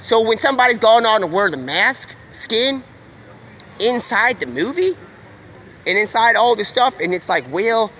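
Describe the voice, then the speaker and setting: A man livestreaming, talking in a rambling, slangy, excitable stream of thought. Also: high-pitched, moderate pace, heavy background noise. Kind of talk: rambling live-stream monologue.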